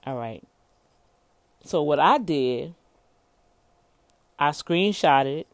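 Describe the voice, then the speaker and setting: A woman's voice: deep voice, no echo. Preachy middle-aged woman ranting casually. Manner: preachy, addresses listeners as y'all; repeats words and restarts often. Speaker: entrepreneur. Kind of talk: casual motivational rant.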